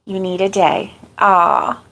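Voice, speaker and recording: A woman's voice: mid-range voice, slow pace, creaky, a bit bright. A woman hosting a casual live crochet stream, out of breath, chatting and greeting viewers by name. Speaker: crochet channel host.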